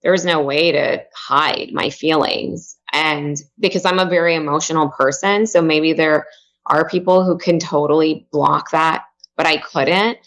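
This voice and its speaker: A woman in her forties, a guest on a podcast, talking softly and openly in a reflective way. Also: low-pitched, steady tone, unhurried. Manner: soft, open and reflective. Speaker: podcast guest, mindfulness coach. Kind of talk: emotional podcast interview.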